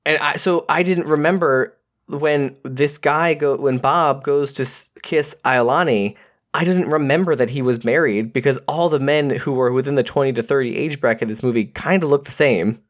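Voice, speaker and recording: Podcast co-host, male, loose rambling recap delivery, lively. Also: medium pitch. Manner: rambling, animated, quick to quote characters. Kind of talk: casual movie discussion.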